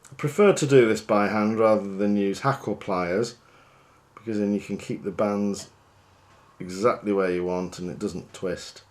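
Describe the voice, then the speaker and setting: A man, working as a fishing guide, talking through a fly tying demonstration in a chatty, relaxed, self-deprecating way. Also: fairly low pitch, moderate pace.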